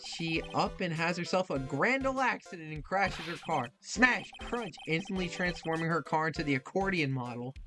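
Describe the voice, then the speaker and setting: A man's voice: fairly high pitch, lively intonation, brisk, few pauses, a bit bright. A man reading aloud the lines of an irritable, self-important male surgeon in a game, in a grumbling, indignant way. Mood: grumpy. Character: irritable pompous middle-aged male surgeon. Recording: game music playing underneath.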